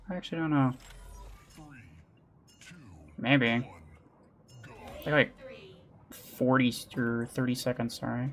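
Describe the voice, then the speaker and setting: A man streams a video game live, reading and answering chat casually and muttering while he plays. His mid-range voice holds a steady, sharp tone, moving a little slowly with long pauses.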